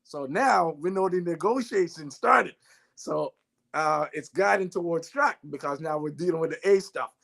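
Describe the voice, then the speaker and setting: A man's voice: on the high side, moderate pace, gravelly. A man from Canada, a guest on an interview show, telling stories and acting out the dialogue. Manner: animated, acts out dialogue in his stories. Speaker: guest, former sprinter turned businessman. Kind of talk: interview storytelling.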